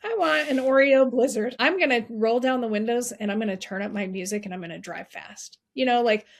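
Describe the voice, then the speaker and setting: A middle-aged woman, a suicide prevention advocate appearing as a guest, shares personal stories earnestly and keeps returning to words of encouragement. Her voice is slightly high and her pace fairly quick, giving the talk a heartfelt, conversational feel.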